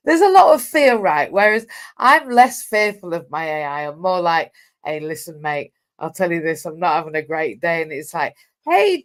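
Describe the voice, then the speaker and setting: A woman hosting an interview, telling stories in a lively way and acting out quoted lines. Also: deep voice. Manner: lively storytelling with quoted voices and laughs. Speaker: host. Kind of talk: casual conversational interview.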